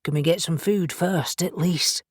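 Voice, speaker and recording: A weary wolf-shifter man, dry and practical, with no time for fuss, as voiced by a woman. His voice is low and husky, recorded close in a dead, dry space. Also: measured pace, dry recording. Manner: dry, matter-of-fact.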